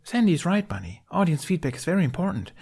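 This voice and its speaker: A man reading a story aloud, voicing an upbeat woman performer who talks in an excited rush. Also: fairly high pitch, gravelly, breathy edge, voice pushed up, full character voice. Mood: chipper. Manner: upbeat, rushing, borderline frantic. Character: bubbly chipper woman performer. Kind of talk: audiobook character voice.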